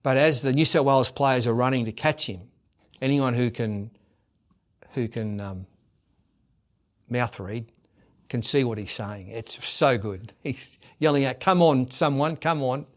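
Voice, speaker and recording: A middle-aged man with an Australian accent, a guest in a podcast interview, telling lively stories and loudly acting out the voices of people he quotes. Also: mid-range voice, a little slow, pauses often. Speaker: guest, former rugby league captain and coach. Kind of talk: animated storytelling in a podcast interview.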